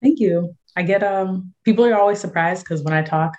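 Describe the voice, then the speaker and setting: A woman's voice: on the low side, moderate pace, a little mellow, lo-fi sound. A young woman from San Diego, chatting casually as an interview guest, full of fillers and easy laughs. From San Diego, USA. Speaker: guest musician and actress.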